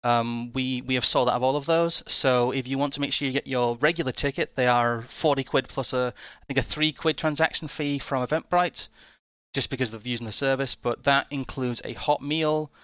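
Bright, crisp-voiced male host. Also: mid-range voice, steady tone, normal speed, dry recording, lo-fi sound. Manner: chatty, rambling with restarts. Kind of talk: casual interview hosting.

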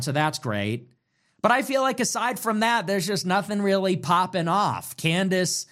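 This is a man hosting a livestream who reacts to viewer messages with sarcastic, rambling commentary and frequent laughs. His voice sits slightly higher than most men's. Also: a bit bright. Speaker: livestream host.

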